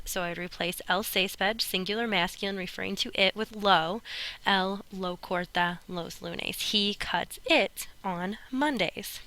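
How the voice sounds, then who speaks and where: A woman's voice: medium pitch, sharp tone, rough recording. A woman teaching a recorded Spanish grammar lesson, chatty and upbeat, speaking straight to her students. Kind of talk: recorded classroom lesson narration.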